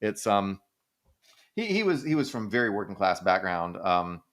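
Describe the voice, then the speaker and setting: A man's voice: fairly low pitch, normal speed. A man co-hosting a podcast, chatting casually and rambling through stories full of "like," casual swearing and laughs. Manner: rambling, animated storytelling with frequent "like" and casual swearing; acts out quoted people in exaggerated voices, laughs often. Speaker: podcast co-host answering listener questions.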